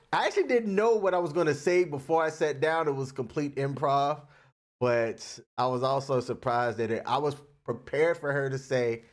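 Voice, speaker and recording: A young adult man co-hosting a casual relationship podcast, playful and joking, laughing often. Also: a little high. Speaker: podcast co-host. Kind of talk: casual chat.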